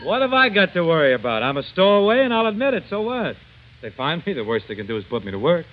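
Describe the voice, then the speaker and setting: An actor playing a breezy young stowaway and crooner in a 1940s radio comedy, offhand and casual. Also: male voice, a little high, sing-song, fast. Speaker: singer and comic partner in a radio comedy. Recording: old radio broadcast, dull with music.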